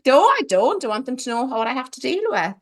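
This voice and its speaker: A woman's voice: sits high, sing-song, fast, a bit bright. A woman hosting a casual film podcast, playful and teasing, with theatrical asides. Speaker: podcast host.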